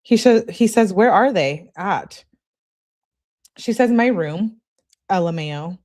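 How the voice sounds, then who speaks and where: A woman's voice: medium pitch, lively intonation, takes it slowly, a little mellow. A woman hosting her channel, reading text messages aloud in a casual way and adding blunt, profane asides while greeting viewers. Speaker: channel host reading case evidence.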